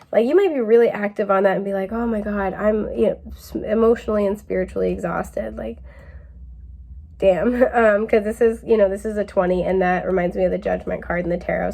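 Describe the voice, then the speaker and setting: A woman's voice: medium pitch, vocal fry. A woman giving a casual pick-a-card tarot reading, chatty and laid-back, with lots of fillers and easy laughter. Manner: puts on a mellow drawl for quoted phrases.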